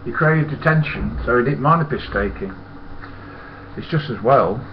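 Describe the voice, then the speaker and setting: A man's voice: mid-range voice, lively intonation, normal speed, lo-fi sound, a little hiss or hum. A man, a former lorry driver telling stories in a rambling, blunt and profane way. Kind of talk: casual storytelling monologue.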